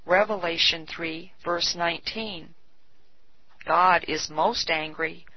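A woman giving a solemn, measured scripted devotional reading. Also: fairly low pitch. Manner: slow, solemn, measured delivery. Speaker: devotional reader. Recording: dull, dry lo-fi recording.

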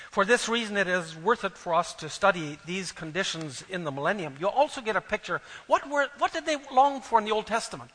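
Earnest preacher, high bright voice. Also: male voice, big-room sound, rough recording. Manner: earnest, swelling louder on key phrases. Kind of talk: sermon with scripture reading.

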